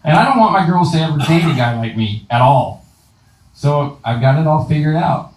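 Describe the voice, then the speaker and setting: A man in his thirties with a fairly high voice, working a stand-up set on a club stage. He swears freely and slips quick impressions into his punchlines. His voice sounds roomy and a little distant from the mic, with a faint hiss behind it. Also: animated, darkish tone. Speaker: stand-up comedian.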